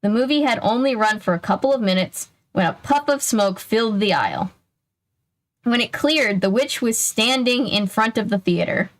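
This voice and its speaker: A woman's voice: a little high, animated, normal speed, poor audio. A young woman casually reading a children's mystery book aloud, breaking in with chatty asides.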